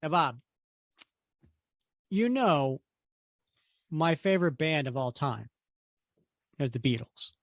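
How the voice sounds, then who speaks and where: Animated middle-aged male podcast co-host. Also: a little high, slow pace, pauses often, no echo, studio quality. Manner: animated, sings snatches of songs and laughs. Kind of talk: casual chat.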